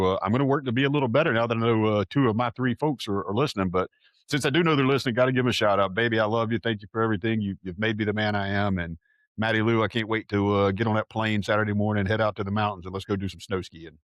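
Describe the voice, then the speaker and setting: A man's voice: on the low side, very fast, a bit bright, no echo, studio quality. A middle-aged man, co-hosting a podcast in casual chat, telling stories in a self-mocking way and stammering on restarts. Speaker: podcast co-host.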